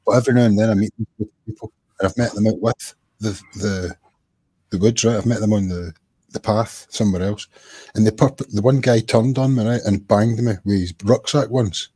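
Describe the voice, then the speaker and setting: Husky Scottish man telling sweary stories. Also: fairly low pitch, normal speed, no room sound. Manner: animated, sweary storyteller. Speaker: livestream guest. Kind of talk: casual storytelling chat.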